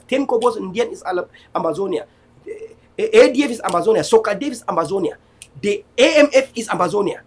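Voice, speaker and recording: A man's voice: very high voice, husky. A man from Cameroon, hosting an online show and giving an impassioned, defiant political address that often turns preachy. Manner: defiant, preaching, repetitive rallying. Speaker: online TV host.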